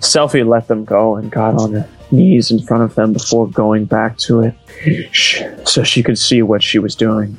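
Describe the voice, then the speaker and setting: A man's voice: fairly low pitch, steady tone, normal speed, slightly rough, faint music behind, poor audio. Man reading aloud with mock drama. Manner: mock-dramatic, reads with put-on character voices. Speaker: reader.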